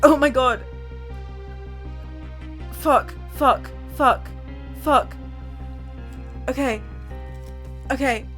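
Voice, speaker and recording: A woman streamer commentating live on a game, excitable, swearing freely and laughing often. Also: sits high, extremely slow, pauses often, soft background music.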